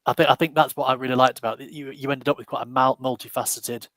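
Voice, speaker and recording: A man speaks as a guest author, enthusiastic but halting, tripping over repeated words as he goes. His pitch is ordinary, mid-range. The recording is dry and close. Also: fairly even intonation, fairly bright tone, no echo. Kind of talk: casual chat.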